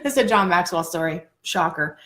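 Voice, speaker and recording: A woman co-hosting a casual talk show, animated and laughing often as she tells stories. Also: lowish voice, normal speed. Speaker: co-host. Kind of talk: casual chat and storytelling.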